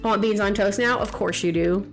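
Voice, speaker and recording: A woman's voice: medium pitch, soft background music. A young woman streaming a game, chatting casually and teasing the viewers in chat. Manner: chatty, reads chat aloud, quick jokes and teasing.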